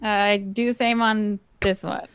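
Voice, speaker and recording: A woman's voice: medium pitch, flat delivery, a little slow, clean tone, no room sound. A woman playing a tabletop game, talking casually with hesitant fillers. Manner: hesitant, lots of fillers and hedging. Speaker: player.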